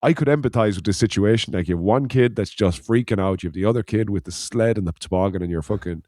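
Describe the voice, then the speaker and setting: Man, from Ireland, podcast co-host, deep voice, rambling casual storytelling, swears, dry sound. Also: fast talker, darkish tone, no echo. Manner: rambling anecdote, swears freely, laughs while telling. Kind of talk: casual chat.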